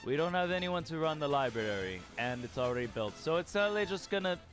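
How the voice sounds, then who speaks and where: A man's voice: a little high, very animated, brisk, fairly bright tone, faint music behind. A young man giving casual let's play commentary, profane, exasperated and joking. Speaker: gamer.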